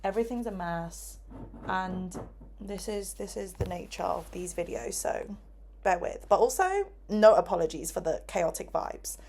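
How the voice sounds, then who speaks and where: A woman's voice: mid-range voice, expressive, a little slow, vocal fry, a little mellow. A young woman vlogging casually at home, rambling with lots of fillers and often dropping to a whisper. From United Kingdom. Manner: many "like" fillers, self-interrupting. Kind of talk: casual vlog chat.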